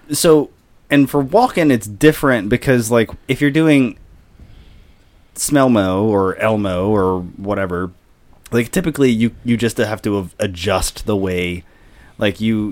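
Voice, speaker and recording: A man's voice: lowish voice, slow, a little mellow. A man co-hosting a podcast, chatting casually about doing impressions with lots of fillers. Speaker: podcast co-host. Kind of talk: casual chat.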